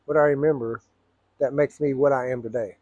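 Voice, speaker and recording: A middle-aged man telling a personal story, blunt and profane, rambling with frequent throat clearing. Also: mid-range voice, steady tone, brisk, darkish tone, dry recording, highs cut off.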